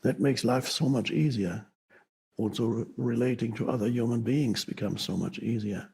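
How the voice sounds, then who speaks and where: A man speaks as a spiritual teacher, talking to an audience at an unhurried, reflective pace. His voice is gravelly and very husky, with a middle pitch. He pauses often and corrects himself as he goes. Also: darkish tone. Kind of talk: unscripted spiritual talk to an audience.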